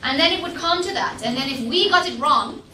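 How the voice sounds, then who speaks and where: A Jamaican woman lecturer leading a class discussion and telling animated stories about her school days. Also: high-pitched, fairly quick. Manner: animated storyteller, lively when retelling scenes. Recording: echoey classroom, distant mic, noisy.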